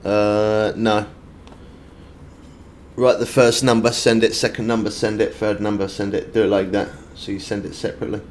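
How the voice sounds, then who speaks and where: A man's voice: fairly low pitch, level tone, normal speed, a little hiss or hum. A British man from the UK streaming a fishing game, chatting casually and answering viewer comments as he plays. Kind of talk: casual live-stream chat.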